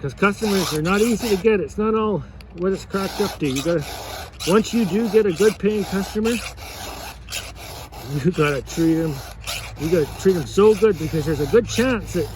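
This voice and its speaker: A man's voice: high voice, normal speed, background noise. A man who runs a fishing lodge, giving rambling, folksy work advice while sharpening a chainsaw, chuckling as he goes. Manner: folksy, chuckling, repeats and restarts often.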